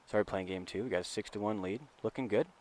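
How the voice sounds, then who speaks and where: A middle-aged man, a podcast co-host, telling a story in casual chat and acting out the quotes with a lively, profane rant. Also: lowish voice, fast, a little hiss or hum. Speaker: podcast co-host, assistant youth baseball coach.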